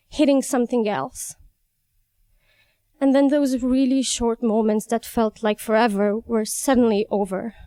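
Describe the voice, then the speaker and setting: A young woman from Iran telling a personal story, animated and vivid, laughing at herself now and then. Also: a little high, clean tone, no room sound. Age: young adult. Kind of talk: personal story told live.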